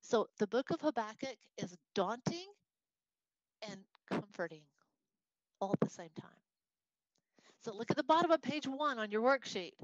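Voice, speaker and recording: A woman's voice: on the high side, normal speed, long pauses, no room sound, highs cut off. A woman with a Texas accent teaching a Bible study lesson, walking through a worksheet and acting out voices when she quotes. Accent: Texan. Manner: expressive, acts out voices in quotes.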